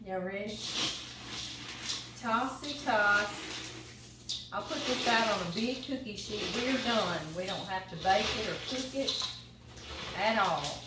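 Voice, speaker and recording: A chatty Southern woman from Louisiana talks straight to her viewers while she cooks. Her voice comes from a distance in an echoey home kitchen, with clear background noise around her. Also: mid-range voice, animated, takes it slowly, long pauses. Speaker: home cooking vlogger. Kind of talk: casual kitchen chat. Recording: roomy kitchen, mic at a distance, noisy.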